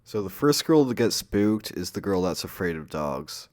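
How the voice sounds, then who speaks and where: Deep-voiced man ranting casually. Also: very animated, moderate pace. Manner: rambling, crude, heavy swearing and filler words. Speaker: movie reviewer. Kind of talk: casual spoken movie review.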